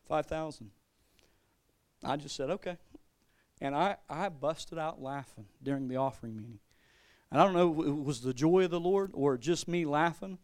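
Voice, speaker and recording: A man's voice: fairly high pitch, darkish tone. A man pastor giving a sermon with a personal testimony, talking in a loose, conversational way and often repeating his words. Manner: conversational, repeats words, laughs, acts out quotes.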